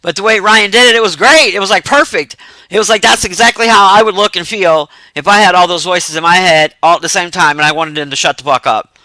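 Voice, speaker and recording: A man's voice: high voice, a little fast, bright, forceful tone, no room sound, rough recording. A man casually recapping a film plot in a rambling, profane way with frequent laughter. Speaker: movie reviewer.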